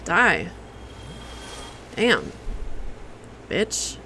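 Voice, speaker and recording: Foul-mouthed woman streamer, slow and bright. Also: on the low side, wildly swooping pitch, a little hiss or hum, low-quality recording. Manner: profane, reactive, talks to chat. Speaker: livestreamer playing a video game. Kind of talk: casual live gameplay commentary.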